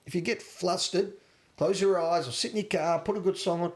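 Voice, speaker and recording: A man's voice: high voice, fairly quick. A man co-hosting a casual film-review podcast, telling stories with feeling and tossing in rhetorical questions. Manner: animated, emotional storyteller with rhetorical questions. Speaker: podcast co-host.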